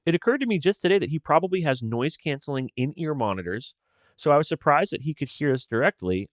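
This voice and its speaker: A man's voice: mid-range voice, dry recording, studio quality. A man hosting a podcast on his own, chatting casually and animatedly in a slangy, joking way. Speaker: podcast host. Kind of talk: casual solo podcast chat.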